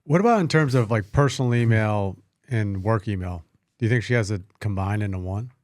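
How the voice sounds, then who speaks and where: A man's voice: lowish voice, darkish tone, dry recording, clean studio sound. A man co-hosting a podcast, chipping in with short questions in casual chat. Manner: short quick questions and prompts. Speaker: podcast co-host.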